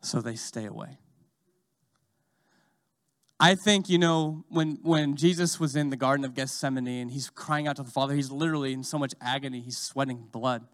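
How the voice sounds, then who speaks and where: A man preaching a sermon, swinging from loud, fast urging to slow, hushed lines. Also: mid-range voice, steady tone.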